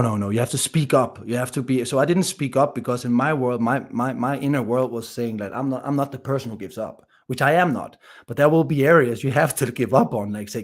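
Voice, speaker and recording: Danish-accented man telling stories. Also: medium pitch. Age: 30s. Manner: energetic, many restarts and repeated words. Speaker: guest entrepreneur. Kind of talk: casual storytelling interview.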